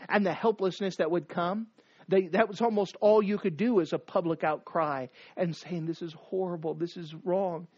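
Guy preaching, goes quiet then loud, kinda muffled and dry. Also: high-pitched, no room sound. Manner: dramatic, swings between hushed and raised. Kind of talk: sermon. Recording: dull dry recording.

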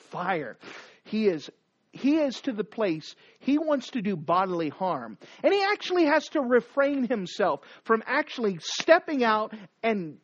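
A man preaching a sermon, retelling the passage with dramatic, animated storytelling. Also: high-pitched, highs cut off. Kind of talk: expository sermon.

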